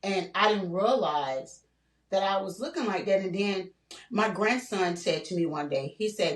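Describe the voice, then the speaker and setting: A woman's voice: mid-range voice, expressive, unhurried. An older woman telling her personal story in a candid podcast conversation, earnest and repetitive, full of "you know" and "like". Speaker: guest sharing her story. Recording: roomy, distant mic.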